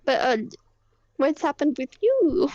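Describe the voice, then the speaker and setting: A woman voicing a high-pitched young roleplay character who rambles through her story, halting and swearing. Her voice sits dry and close, with a slightly dull, lo-fi tone. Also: very animated, darkish tone, no room sound. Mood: agitated. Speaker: roleplay character recounting events. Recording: dull lo-fi mic.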